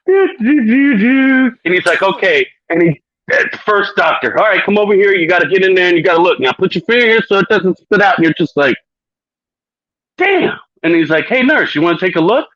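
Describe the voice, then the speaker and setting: Guy on a podcast telling a dirty story, swears a lot, laughs a ton, kinda higher voice, dry dull mic. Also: fast, no room sound. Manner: profane, laughing, animated storyteller. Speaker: podcast host. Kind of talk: casual storytelling chat.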